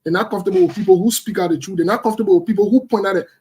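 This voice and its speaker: A man's voice: sits high, racing, darkish tone, slightly rough. A man giving heated, blunt political commentary, repeating his points emphatically.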